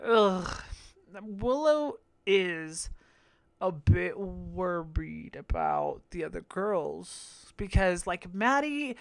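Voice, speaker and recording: A man's voice: high voice, a bit bright, clean tone, no echo. A man hosting a podcast, recapping a reality show in a brash, profane, gossipy way with frequent laughter. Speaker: podcast host.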